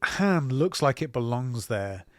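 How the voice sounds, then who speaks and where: A man talks through his theories in a relaxed, joking way. His voice sits at an ordinary pitch for a man. The recording is dry and close to the mic. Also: measured pace, no room sound. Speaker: podcast co-host. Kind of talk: casual chat.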